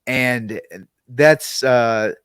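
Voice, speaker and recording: A man co-hosting a podcast in casual chat, relaxed and loose with fillers. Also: medium pitch, drawn-out words, clean tone, no echo, studio quality. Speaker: podcast co-host.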